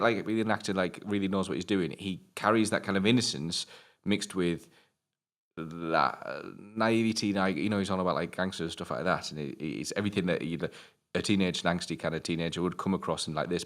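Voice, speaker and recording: Deep-voiced British man, sweary and enthusiastic. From Britain. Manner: sweary, enthusiastic, laughs often. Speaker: film review podcast co-host. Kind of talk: casual chat.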